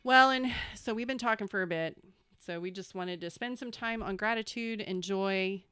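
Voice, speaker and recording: A woman's voice: medium pitch, normal speed, clear, resonant tone, dry recording. A woman co-hosting a casual podcast chat, affirming the others and closing the show. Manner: warm affirming, speaks of God. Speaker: podcast co-host.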